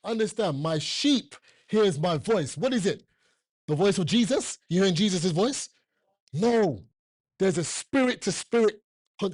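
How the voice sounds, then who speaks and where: A man's voice: high-pitched, breathy edge, no room sound, clean studio sound. A man preaching a sermon, emphatic and repetitive, joking with the congregation and often asking them questions. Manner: asks the listeners questions often.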